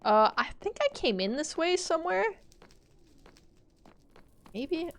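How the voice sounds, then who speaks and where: A young woman streaming a game live, talking to her chat in a panicky, excitable way. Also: sits high, unhurried, long pauses. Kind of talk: live gameplay commentary.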